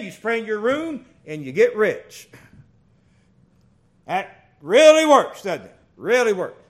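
A middle-aged man preaching a sermon, folksy and animated, telling stories with big swings in loudness. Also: high voice.

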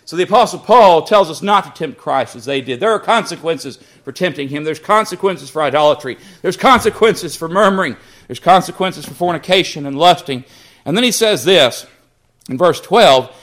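A man preaching a sermon, rising to fervent emphasis on key lines and dropping low and quiet when he tells personal stories. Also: animated, normal speed.

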